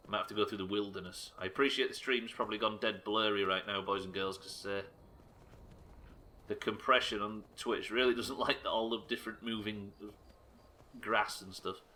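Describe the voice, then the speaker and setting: A man's voice: lowish voice, fairly even intonation, moderate pace, sharp tone. A man streaming a game live, chatting casually and joking with his chat, with frequent swearing. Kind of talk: casual commentary while playing.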